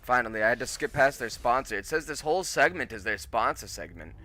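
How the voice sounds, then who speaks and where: A young man chatting casually on his livestream, animated and swearing freely, now and then slipping into mock voices. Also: mid-range voice, quick pace. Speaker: streamer host.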